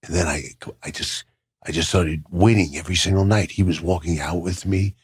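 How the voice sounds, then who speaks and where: An older man, a retired wrestler, telling animated stories as an interview guest and repeating words when he gets excited. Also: low-pitched, a little fast, slightly rough.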